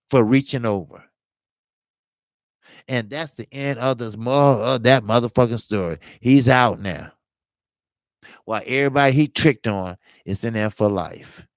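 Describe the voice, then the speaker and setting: Man, boxing talk host, profane storyteller, lively up-and-down pitch, dry close sound. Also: unhurried, long pauses, dry recording. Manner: emphatic, scolding rants. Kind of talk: casual commentary monologue.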